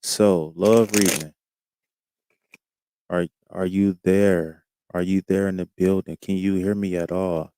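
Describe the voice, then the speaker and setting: A man's voice: low voice, level tone, slow, warm tone, clean tone, dry recording. A man hosting a live tarot stream, chatting casually in a laid-back, slangy way and reading out viewers' comments.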